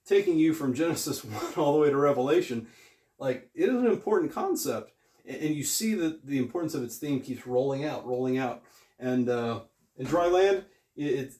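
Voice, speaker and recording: A man talks through a Bible lesson in a relaxed, conversational way, hammering points home by repeating phrases. His voice sits at an ordinary middle pitch. The recording carries a noticeable echo from the room around him. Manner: conversational, emphatic, repeats phrases while teaching. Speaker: Bible teacher. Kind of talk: casual video Bible lesson. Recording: echoey room.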